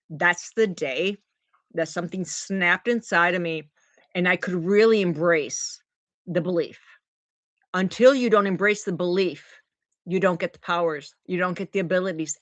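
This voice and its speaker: A middle-aged woman vlogging, telling a personal story in an emotional, animated way to camera. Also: on the low side, no echo. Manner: emotional, animated, talks to her dogs mid-story.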